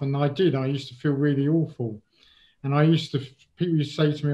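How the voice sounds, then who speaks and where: A man's voice: on the high side, fairly even intonation, quick pace, dark tone, lo-fi sound. A middle-aged man from England, a guest in an interview, speaking casually and hesitantly, with many ums and restarts.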